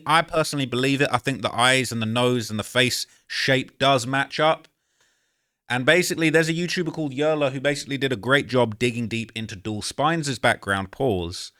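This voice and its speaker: In this casual commentary, a man in his late twenties hosts a reaction video, chatting in slang and checking in with the listener. His mid-range voice sounds bright and forceful.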